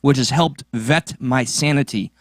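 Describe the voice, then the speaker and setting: A man co-hosting a podcast, rambling and self-mocking in excitable banter. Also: mid-range voice, a little slow, dry recording, clean studio sound. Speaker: podcast co-host. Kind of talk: casual podcast chat.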